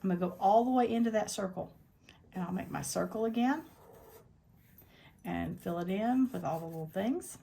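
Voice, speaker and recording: A woman's voice: mid-range voice, lively intonation, normal speed, creaky, long pauses, mellow. A woman teaching a quilting tutorial, talking step by step through what she is doing in a plain, practical way, thinking aloud as she goes. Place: quilting workspace at a longarm machine.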